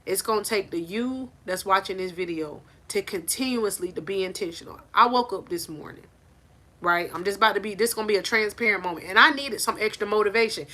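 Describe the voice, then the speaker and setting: Talking to camera on an outdoor porch, a woman life coach delivers a motivational message into a handheld phone. Her mid-range voice is bright and fairly quick, and she comes across as preachy and emphatic, repeating "I said it."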